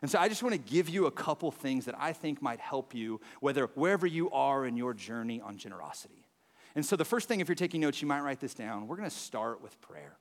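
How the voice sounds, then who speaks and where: A man preaching as pastor, talking in a conversational way with frequent fillers and lively storytelling. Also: mid-range voice, brisk. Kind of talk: sermon. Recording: reverberant church hall.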